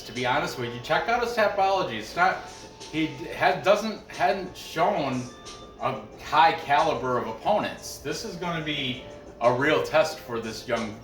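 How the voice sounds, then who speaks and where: A man with a fairly bright voice on the high side hosts a sports betting picks show, rambling loosely and chattily with frequent restarts and asides. He's off-mic and distant, in a room with echo and faint music behind him.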